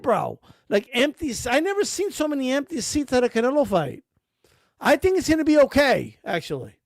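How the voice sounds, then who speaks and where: A man's voice: very high voice, vocal fry, no echo, clean studio sound. A man streaming about boxing, ranting sarcastically with profanity and repeated rhetorical questions. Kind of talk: heated rant.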